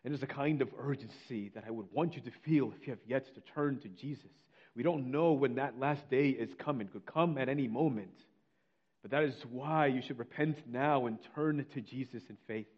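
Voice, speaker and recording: A man preaching a sermon, reading scripture slowly and telling a story with earnest feeling. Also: medium pitch, lo-fi sound. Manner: earnest preaching, slows on scripture, drops to near whisper. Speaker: pastor.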